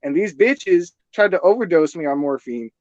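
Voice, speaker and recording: A young man telling crude, animated stories with lots of swearing in a casual podcast chat. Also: on the high side, normal speed, no echo, muffled recording. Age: young adult. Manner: crude, animated storytelling with profanity.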